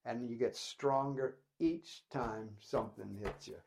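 A man's voice: mid-range voice, measured pace, creaky, slight background noise. A man co-hosting a casual chat show, agreeing readily and adding his own points. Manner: agreeable, backs up his partner with frequent yeahs. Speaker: podcast co-host.

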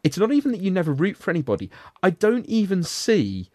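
A man's voice: high-pitched, wildly swooping pitch, brisk, a little mellow, no echo. A man hosting a podcast, giving a sardonic, rambling recap of a film in casual chat. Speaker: podcast host reviewing a film.

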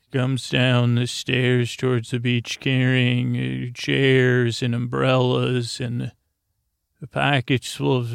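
Gravelly guy rambling a sleepy story, flat and slow. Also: medium pitch, no echo, studio quality. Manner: meandering, slow, with restarts and fillers. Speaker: podcast host. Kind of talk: rambling bedtime story narration.

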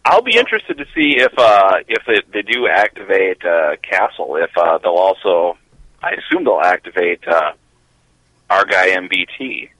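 A man's voice: low-pitched, big pitch swings, moderate pace, bright, forceful tone, no echo, low-quality recording. A man co-hosting a podcast, chatting about sports with dry, sardonic humor. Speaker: podcast co-host. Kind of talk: casual sports chat.

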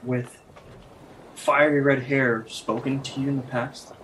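A man's voice: medium pitch, little pitch movement, a little slow, a bit bright, slight background noise, close to an everyday voice, rough recording. Diplomatic woman adventurer, placating tone, voiced plainly by a man. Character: polite diplomatic female adventurer.

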